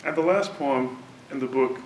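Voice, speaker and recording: A man introducing a poet at a university event, reading a prepared, deliberate academic introduction. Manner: measured, deliberate academic delivery. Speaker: lecture introducer. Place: university lecture hall. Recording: roomy hall from a distance, faint rumble.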